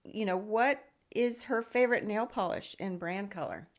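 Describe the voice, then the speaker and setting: A woman's voice: mid-range voice, normal speed. Friendly rambling older woman host. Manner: friendly, rambling, soft asides. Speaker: podcast host. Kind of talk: casual interview chat.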